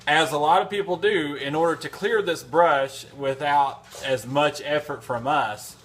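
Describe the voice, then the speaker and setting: A man's voice: on the high side, a little slow, a bit bright. Man rambling through a folksy story. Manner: rambling, folksy anecdote with frequent restarts and fillers. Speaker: vlogger. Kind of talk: casual storytelling.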